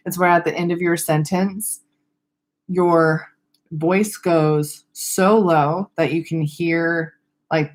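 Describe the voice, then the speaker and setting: A young woman teaching vocal exercises in a casual online webinar, relaxed and self-deprecating, with a little vocal fry at the ends of her sentences. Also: low-pitched. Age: young adult. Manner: friendly, loose, laughs at herself, demonstrates vocal exercises. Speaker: speech therapist.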